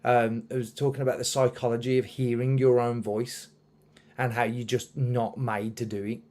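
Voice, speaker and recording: A man hosting a relaxed interview chat. His voice is warm and mellow, and he rambles with plenty of fillers and restarts. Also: mid-range voice, moderate pace. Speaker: podcast host and musician.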